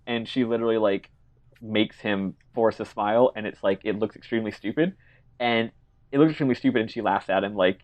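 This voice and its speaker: A man's voice: lowish voice, brisk. A man co-hosting a podcast, casually recapping a game's plot and acting out characters' lines with laughs and swearing. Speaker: podcast co-host. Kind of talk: casual chat recapping a game.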